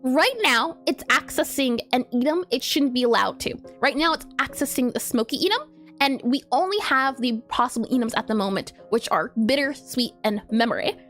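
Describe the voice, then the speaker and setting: High-pitched giggly woman developer streaming, walks through her debugging aloud, faint music underneath. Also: lively intonation, normal speed, a bit bright. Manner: giggly, explains step by step while thinking aloud. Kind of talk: casual live coding stream.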